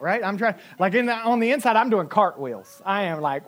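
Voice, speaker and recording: Animated, high-voiced male preacher. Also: moderate pace. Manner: animated storytelling, acting out quotes with big swings in loudness. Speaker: pastor. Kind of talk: sermon.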